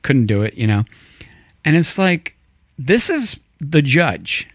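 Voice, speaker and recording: A man co-hosting a casual political chat show, telling stories with animated asides and putting on voices when he quotes people. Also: on the high side, takes it slowly, dry recording, clean studio sound. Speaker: podcast co-host.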